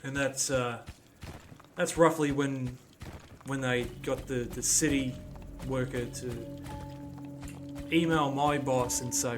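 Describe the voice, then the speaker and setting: A man casually telling a story while playing a game, acting out both sides of arguments in a lively way. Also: medium pitch, slow, long pauses, over music. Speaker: gaming channel host. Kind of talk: casual storytelling over gameplay.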